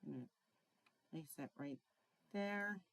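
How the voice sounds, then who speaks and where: A middle-aged woman with a slightly low voice talks through a card-making tutorial in a relaxed, chatty way. She often pauses with ums and clears her throat. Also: no room sound. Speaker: craft tutorial host.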